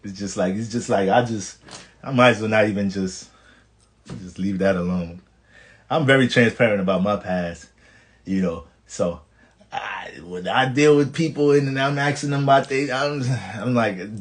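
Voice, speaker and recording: Profane, animated New York astrologer. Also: male voice, mid-range voice, normal speed. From the Bronx, New York. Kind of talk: casual astrology vlog.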